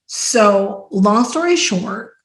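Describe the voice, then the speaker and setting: A woman hosting a podcast in casual chat, telling stories in an animated way and acting out quotes loudly. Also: mid-range voice, extremely slow. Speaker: podcast host. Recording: roomy echo.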